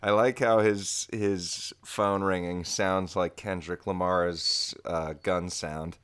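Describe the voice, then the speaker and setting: A man's voice: sits low, steady tone, slow pace, fairly bright tone, clear, resonant tone. A man co-hosting a podcast, making wry jokes in casual chat. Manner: joking, wry. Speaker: podcast co-host.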